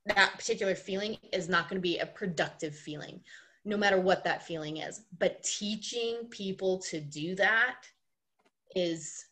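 A woman coach talks in a casual podcast interview with a mid-range voice. She tells her stories with emphatic repetition and a lot of energy, and she builds each point in steady, rhythmic steps. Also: medium pitch, moderate pace. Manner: animated storyteller, emphatic repetition. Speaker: ice skating coach, podcast guest.

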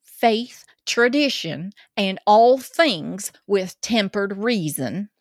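A woman's voice: medium pitch, animated, slow pace, dry recording, clean studio sound. A woman voicing an angry, conspiracy-minded Southern woman with a put-on Georgia accent, drawling and preachy.

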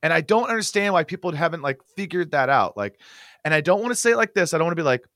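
A man's voice: fairly high pitch, sing-song, quick pace, a bit bright, no room sound, studio quality. A man co-hosting a podcast, ranting in casual chat and swearing freely. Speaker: podcast co-host.

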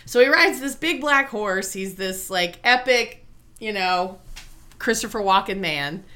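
A young adult woman casually retelling a movie plot to a co-host, talking in an animated way, full of "like" and "okay?". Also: medium pitch, unhurried. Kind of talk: casual chat.

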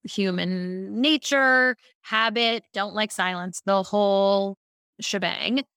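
A woman from Baltimore, a speaking coach, telling lively stories as a podcast guest. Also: medium pitch, takes it slowly, clean tone, no echo, clean studio sound. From Baltimore, USA. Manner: lively storyteller, animated asides. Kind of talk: casual podcast interview.

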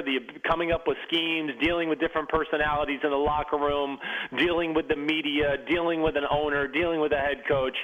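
Animated male storyteller, dull lo-fi sound. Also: fairly high pitch. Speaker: guest, former pro football player. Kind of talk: storytelling in casual chat.

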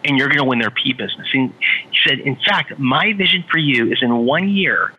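A man's voice: medium pitch, a little fast, pushed and bright, husky, long reverb tail, highs cut off. A middle-aged man, a guest on an interview show, telling his story with energy and repeating phrases for effect. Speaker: guest, author and entrepreneur.

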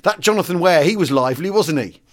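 A man's voice: a little high, expressive, fast. A man co-hosting a history podcast, chatting casually, laughing often and restarting his sentences. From England. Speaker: podcast co-host. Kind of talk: casual chat.

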